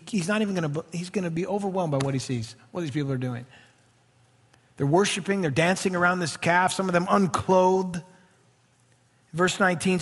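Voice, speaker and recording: A man preaching a sermon, reading scripture aloud and breaking into animated, chatty asides. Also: on the high side. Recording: reverberant hall.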